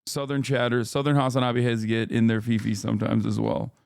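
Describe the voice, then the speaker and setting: A man's voice: medium pitch, fairly even intonation, a little fast, creaky, a little mellow, no echo, clean studio sound. A man hosting a casual livestream, talking back to his chat in a profane, ranting way and laughing often. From lives in California. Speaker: livestream host.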